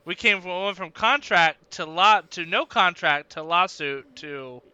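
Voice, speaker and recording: A man's voice: high voice, unhurried, pushed and bright, clean tone, no echo, highs cut off. A man co-hosting a casual podcast, rambling chattily with lots of fillers. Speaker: podcast co-host.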